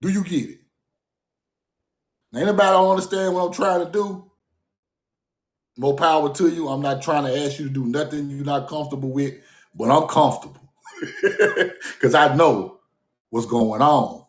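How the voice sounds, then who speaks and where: A man's voice: a little high, moderate pace, pauses often, echoey room. A man talking off the cuff on a livestream, emphatic and repeating himself, often breaking into laughter. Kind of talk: casual livestream monologue. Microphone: phone or streaming mic.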